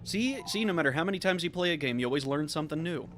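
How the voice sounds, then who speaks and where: A young man streaming a game, talking casually with sarcastic, excitable reactions. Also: a little high, very fast, over music. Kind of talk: casual live-stream commentary.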